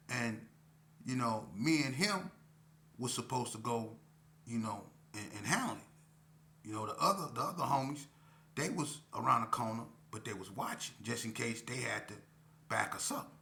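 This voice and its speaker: Middle-aged guy telling a street story, slangy and laid-back, bright punchy voice. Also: mid-range voice. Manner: laid-back, slangy, many "you know" fillers.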